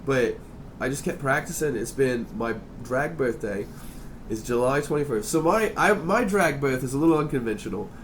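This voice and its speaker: A man's voice: medium pitch, a little hiss or hum. A man hosting a podcast as a drag performer, casual and chatty, swearing freely and calling people darling. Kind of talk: casual interview chat.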